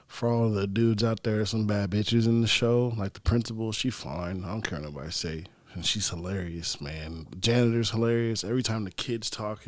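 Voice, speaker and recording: A man's voice: lowish voice, no echo. A young man, hosting his own podcast and rambling through stories in a loose, profane, offhand way. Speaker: podcast host. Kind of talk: casual solo podcast chat.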